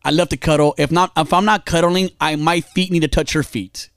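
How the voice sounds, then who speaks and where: A man's voice: fairly high pitch, steady tone, fairly quick, a bit bright, clean tone, dry recording, clean studio sound. Rambling young man telling a story. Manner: rambling storyteller, laughs often, acts out both sides of the argument. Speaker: podcast co-host. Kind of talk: casual chat.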